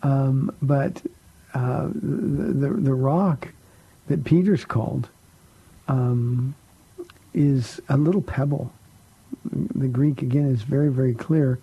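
A man's voice: mid-range voice, slow pace, vocal fry, long pauses, breathy edge, highs cut off. A middle-aged man, a pastor hosting a call-in radio show, answering Bible questions and telling stories with many fillers and restarts.

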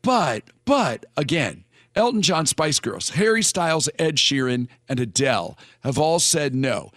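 A man's voice: fairly high pitch, big pitch swings, unhurried, fairly bright tone, no room sound, clean studio sound. A man hosting a morning radio show, chatting casually and rambling with repeated words.

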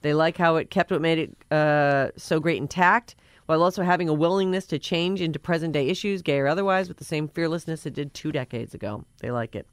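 A woman's voice: low-pitched, fairly quick, smooth, no echo. A woman hosting a casual talk show, chatting loosely about movies and TV news with fillers and restarts. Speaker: radio show host. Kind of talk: casual show chat reading entertainment news.

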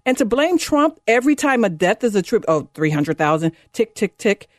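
A woman in her fifties hosting a talk radio show, delivering a fired-up, sarcastic monologue that climbs high when she gets indignant. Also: very animated, normal speed, a little mellow, dry recording, studio quality. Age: 50s. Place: radio studio. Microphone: studio microphone.

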